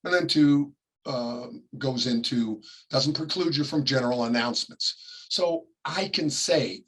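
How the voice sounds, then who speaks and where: A middle-aged man from California teaching a class, talking casually and acting out quick examples, often coughing and clearing his throat. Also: medium pitch, fairly bright tone, rough recording. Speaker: real estate ethics instructor. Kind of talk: classroom lecture.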